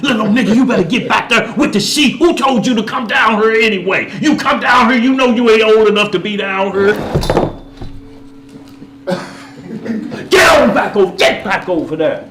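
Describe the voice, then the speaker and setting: A man's voice: high voice, moderate pace, echoey room, noisy background, natural voice. A man voicing a boastful giant warrior who taunts and mocks. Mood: taunting. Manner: swaggering, shouting taunts.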